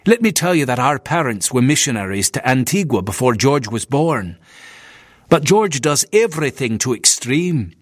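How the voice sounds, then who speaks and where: A man's voice: mid-range voice, very animated, normal speed, no echo, studio quality. A man voicing a nervous, disapproving Scottish minister who complains in a stiff, scornful way.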